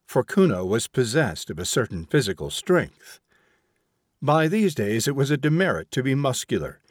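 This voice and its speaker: A man narrates an audiobook in a measured, expressive manner. His voice is mid-range, and the studio-quality recording has no room sound.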